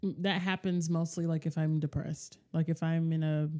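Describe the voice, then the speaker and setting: A woman with a low, mellow voice chats casually as a co-host. She is affirming and easygoing, with her speech full of "like". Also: level tone, normal speed. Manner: casual, affirming, heavy use of "like". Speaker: podcast co-host. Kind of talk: casual chat.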